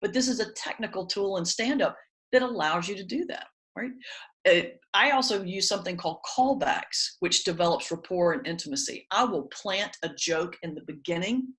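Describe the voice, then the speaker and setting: A woman, a pastor and stand-up comedian, teaching in a conversational webinar talk with animated storytelling and comic timing. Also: fairly low pitch, moderate pace, poor audio. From Southern United States.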